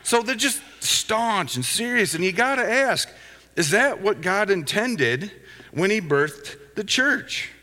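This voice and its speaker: A man's voice: high voice, animated, slow, bright, forceful tone. A middle-aged male pastor preaching a conversational sermon, telling anecdotes with chuckling asides. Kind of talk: sermon with storytelling. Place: church sanctuary. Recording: long hall reverb.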